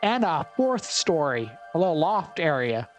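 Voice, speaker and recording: A man's voice: a little high, big pitch swings, a little slow, faint music behind. Wry man chatting through gameplay. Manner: wry, chatty, thinks aloud. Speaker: gameplay commentator. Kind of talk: casual gameplay commentary.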